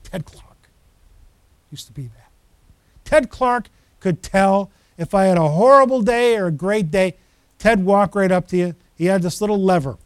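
Lively male preacher with a high voice, recorded dry and close; tells stories and acts out the people he quotes. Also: normal speed, clean tone, no room sound. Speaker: pastor. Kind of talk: sermon.

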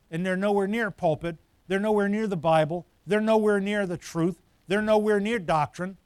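A man, a pastor, preaching a sermon forcefully, building up loud and then dropping into quiet asides. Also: sits high, no room sound, clean studio sound.

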